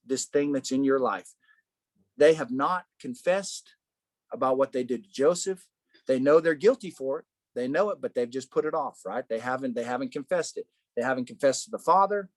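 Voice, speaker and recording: A man leading a casual Bible study, animated, asking rhetorical questions and saying "man" a lot. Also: fairly high pitch, no echo.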